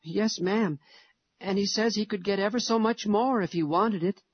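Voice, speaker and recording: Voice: mid-range voice, moderate pace, slightly rough, no room sound, highs cut off, pitched above the performer's own voice, close to an everyday voice. A reader voicing a small, sad boy who pleads through tears that his family is poor. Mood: wistful. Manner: pleading, tearful.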